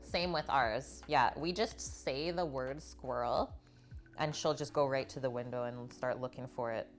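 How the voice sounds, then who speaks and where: With a very deep voice and a measured pace, a woman hosts a live cooking stream from her kitchen at home. She talks with her audience and reads their comments aloud between steps.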